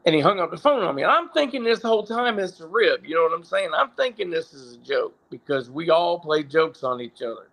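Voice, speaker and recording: His voice a little high, fairly bright and marked by vocal fry, a middle-aged ex-pro wrestler spins animated, casual stories at a moderate pace. He curses freely, rambles, and often backtracks to fix what he said.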